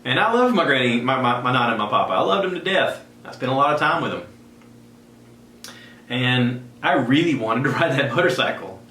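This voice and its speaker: A man with a drawl spins a personal story for his podcast, animated and quick to slip into the voices of the people he describes. His tone is bright and forceful. The sound is echoey, with a faint hum of ambience behind him. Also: medium pitch. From South Carolina. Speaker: podcast host.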